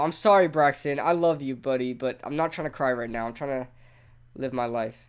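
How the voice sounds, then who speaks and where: A man hosting a casual live sports talk stream, excitable and talking straight to his chat. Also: medium pitch, moderate pace, smooth. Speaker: sports talk show host.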